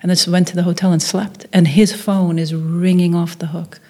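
In an interview, this Norwegian filmmaker in her middle years tells a lively story, acting out each quoted voice. Her voice sits on the low side and her pace is fairly quick.

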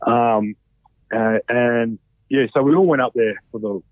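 A man's voice: mid-range voice, unhurried, no room sound. Aussie guy rambling thru a story, swears heaps, dry tinny phone-ish sound. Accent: Australian. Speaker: podcast guest. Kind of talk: casual chat.

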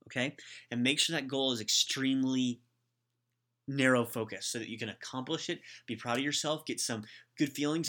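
A man's voice: medium pitch, a bit bright. A man hosting a language-study podcast, giving blunt, opinionated advice in a casual monologue with frequent restarts. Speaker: Japanese language podcast host.

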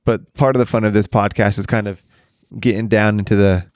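Man, lowish voice, dry sound, measured questions, searches for words, podcast host. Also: steady tone, no room sound. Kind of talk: casual podcast interview.

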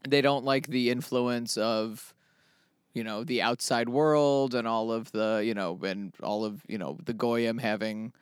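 A man's voice: medium pitch, fairly even intonation, a little slow, smooth, no room sound, clean studio sound. A man with a New York accent appearing as a guest correspondent, speaking in a wry, hesitant way and often repeating his words. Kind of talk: casual comedic chat.

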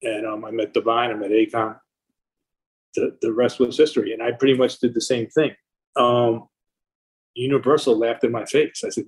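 A man's voice: medium pitch, steady tone, moderate pace, long pauses, breathy edge, rough recording. A middle-aged man, a record label founder, telling long profane anecdotes in a casual interview.

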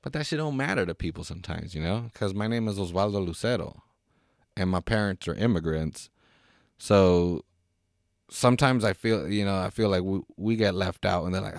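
A man's voice: sits low, moderate pace, gravelly, no room sound, clean studio sound. A Mexican American man talking frankly and casually, with lots of swearing and stumbling restarts. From United States. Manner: frank, profane, many restarts and repeated words. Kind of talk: casual opinion talk.

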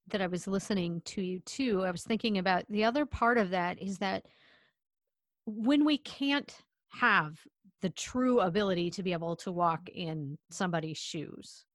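A woman hosting an interview, responding to her guest in a measured, reflective way. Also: medium pitch, no room sound, clean studio sound. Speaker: podcast host. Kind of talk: interview conversation.

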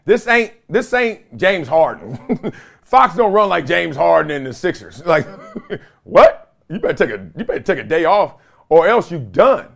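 Animated man talking to camera at home. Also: on the high side, measured pace, gravelly. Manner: animated, slangy, laughs often. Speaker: podcast host. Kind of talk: casual solo commentary. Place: home basement. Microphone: video camera or phone.

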